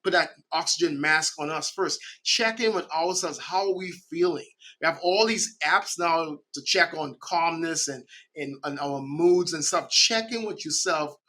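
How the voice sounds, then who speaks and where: A middle-aged man from the Caribbean, a podcast guest speaking in an animated way and often checking in with "right?". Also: fairly high pitch, unhurried, few pauses. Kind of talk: conversational interview.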